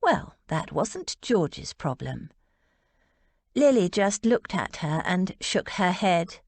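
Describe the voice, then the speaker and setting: Slow, expressive woman narrator. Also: lowish voice, no echo. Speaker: audiobook narrator. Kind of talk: scripted romance narration.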